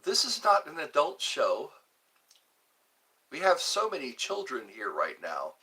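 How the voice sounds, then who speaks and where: A man hosting a casual livestream, reading viewer comments aloud and answering them in a slow, drawn-out, jokey way, often repeating his phrases. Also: fairly high pitch, wildly swooping pitch, bright, forceful tone, husky. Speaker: livestream host.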